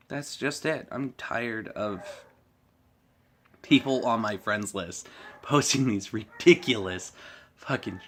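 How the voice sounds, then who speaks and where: A man's voice: lowish voice, fairly bright tone, a little hiss or hum. A man vlogging a heated, profane political rant, swearing often and laughing at his own jokes.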